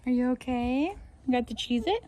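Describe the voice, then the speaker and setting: A mom vlogger chatting casually in her backyard, relaxed with the camera and turning to sing-song baby talk with her toddler. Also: a little high, moderate pace, no echo. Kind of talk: casual home vlog chat. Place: backyard outdoors. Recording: outdoor ambient noise.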